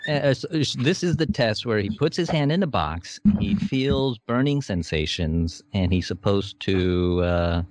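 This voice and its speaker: A man's voice: lowish voice, expressive, measured pace, few pauses. A man co-hosting a casual podcast while watching a movie, laughing often and joking around. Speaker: podcast co-host.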